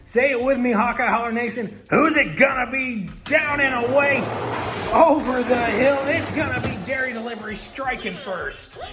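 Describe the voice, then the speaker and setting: A man's voice: extremely high pitch, normal speed, music in the background. A man hosting and commentating toy monster truck races from his home garage, in a hyped, dramatic announcer style. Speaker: host and race commentator. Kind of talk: excited race commentary.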